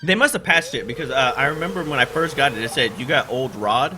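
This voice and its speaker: A man's voice: fairly high pitch, expressive, quick pace, bright, forceful tone, slight background noise. A man giving rambling, chatty let's play commentary while playing a farming game, with casual swearing. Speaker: gaming channel host. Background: game music.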